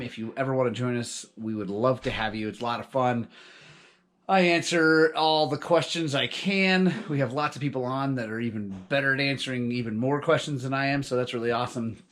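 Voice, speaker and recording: A man's voice: medium pitch, a bit bright. A man running a motorcycle shop, talking casually and enthusiastically to the camera, with lots of fillers. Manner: upbeat, enthusiastic, many fillers. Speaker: motorcycle shop owner and vlogger. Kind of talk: casual vlog talk to camera.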